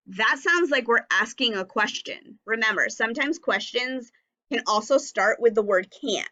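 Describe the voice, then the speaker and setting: A woman teaching a recorded phonics and punctuation lesson for young children, speaking slowly and enunciating each word and sound clearly. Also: a little high, bright, forceful tone, dull audio.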